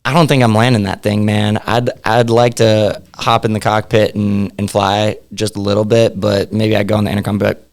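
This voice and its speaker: A man's voice: fairly low pitch, level tone, fairly quick, gravelly, few pauses. A young man, a podcast guest, chatting casually in a laid-back, rambling way and laughing often. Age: young adult. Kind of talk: casual interview chat.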